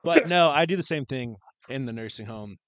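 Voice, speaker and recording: A young man co-hosting a casual podcast, blunt and swearing, often trailing off quietly. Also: medium pitch, animated, brisk, clean tone, no echo, studio quality. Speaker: podcast co-host. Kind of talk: casual chat.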